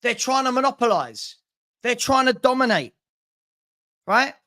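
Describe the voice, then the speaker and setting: A man's voice: very high-pitched, sing-song, measured pace, pushed and bright. A man hosting a football channel, venting on a live stream with stammering restarts and repeated phrases. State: frustrated.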